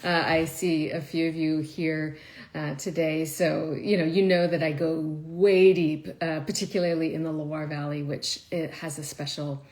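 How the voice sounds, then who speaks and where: A woman's voice: sits low, level tone, a little slow, darkish tone. A woman chatting casually to viewers on a live stream, emotional and laughing often, with many fillers. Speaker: wine video creator.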